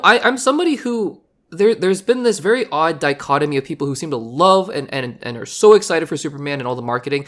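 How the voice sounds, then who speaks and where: A podcast host with a hoarse voice from recently losing it, giving earnest, rambling casual commentary on films and often restarting phrases. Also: medium pitch, fairly bright tone.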